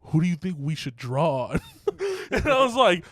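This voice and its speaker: A man's voice: high-pitched, huge pitch swings, moderate pace, a bit bright, no echo, studio quality. A young man hosting a podcast, telling a story in casual talk, laughing often, swearing, and acting out other people's lines. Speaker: podcast co-host.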